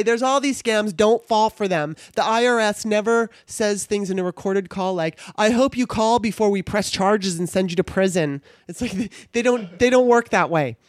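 A woman's voice: low-pitched, no room sound, clean studio sound. A woman hosting her own podcast, talking casually in a chatty, irreverent way and swearing now and then. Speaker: podcast host. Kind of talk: casual monologue.

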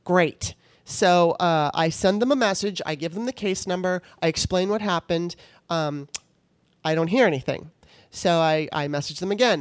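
A woman's voice: lowish voice, normal speed, clear, resonant tone, no echo. A woman hosting a casual podcast, ranting with exasperation and swearing as she retells a customer service saga. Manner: exasperated, profane, storytelling with quoted dialogue. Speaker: podcast host.

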